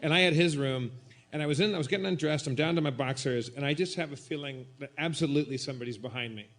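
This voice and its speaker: A man telling a comedic story at a live show, animated and prone to shouted re-enactments. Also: a little high, quick pace. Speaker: guest storyteller.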